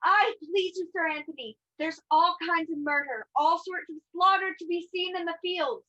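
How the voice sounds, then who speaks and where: A woman acting an excitable, breathless young maidservant in a live online play. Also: normal speed. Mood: frantic. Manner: breathless, excitable, shrill alarm. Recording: dull lo-fi video call audio.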